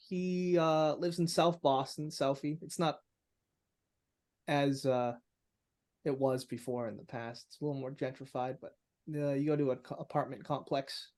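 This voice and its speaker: A man's voice: medium pitch, darkish tone. A man narrating a tabletop game as game master, describing scenes with frequent filler words.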